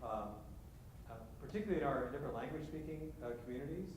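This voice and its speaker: Midwestern male pastor, halting and conversational, distant mic with faint rumble behind. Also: lively intonation, a little mellow. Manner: halting, many restarts and "right?" asides. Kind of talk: parish leadership talk. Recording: echoey hall from far off, faint rumble.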